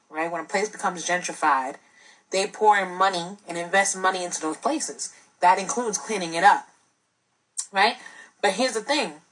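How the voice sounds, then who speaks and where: A woman's voice: mid-range voice, fairly bright tone, slightly rough, poor audio. A woman from the Bronx, a teacher speaking on a talk show in an earnest, lecturing way with rhetorical questions. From the Bronx, New York.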